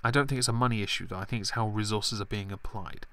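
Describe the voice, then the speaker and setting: A man's voice: lowish voice, steady tone, quick pace, bright, forceful tone, clean tone. A man hosting a live stream, chatting about politics in a rambling, sarcastic way with self-deprecating asides. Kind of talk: casual political commentary stream.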